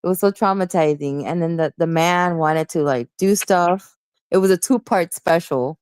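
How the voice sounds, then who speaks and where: Chatty woman from Miami, low voice. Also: normal speed, smooth, no echo. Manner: chatty, animated storytelling with laughs. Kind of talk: casual group chat.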